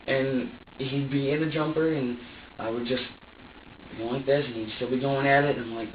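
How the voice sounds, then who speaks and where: A man's voice: medium pitch, steady tone, normal speed, slight background noise. A man who is a suspect in a police interrogation room, giving an emotional confession. He talks in an agitated way, swears a lot, and stops and restarts often. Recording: echoey, distant, dull room recording.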